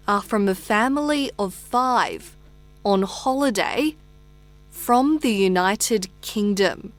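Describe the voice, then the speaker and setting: Slow, careful female news presenter. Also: mid-range voice. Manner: slow, carefully paced reading for learners. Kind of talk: scripted news reading. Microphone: studio microphone.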